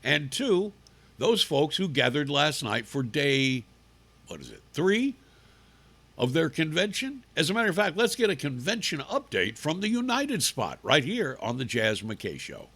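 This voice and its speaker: A man's voice: on the high side, very animated, a little slow, creaky, a bit bright, breathy edge. A man hosting a live opinion talk show, combative and profane, asking rhetorical questions.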